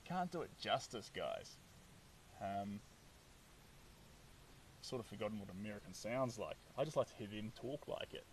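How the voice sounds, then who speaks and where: A man's voice: lowish voice, sing-song, a little slow, gravelly, pauses often, far from the mic, slight background noise, poor audio. A man with a New Zealand accent chatting upbeat and casually while painting on a live stream, reading out viewer comments.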